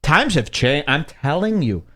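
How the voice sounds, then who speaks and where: A man's voice: fairly high pitch, measured pace. A middle-aged man from the Chicago suburbs hosting a podcast, telling stories in casual chat and acting out the quotes. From Chicago suburbs, USA. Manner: animated storyteller, acts out quotes. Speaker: podcast host.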